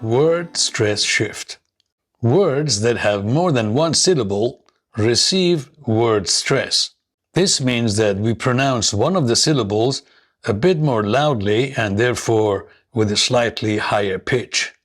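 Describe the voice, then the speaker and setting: A man narrating a scripted English lesson, speaking slowly and clearly, modeling words for learners to repeat. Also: medium pitch, expressive. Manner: slow, deliberate, models words for repetition. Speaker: English teacher.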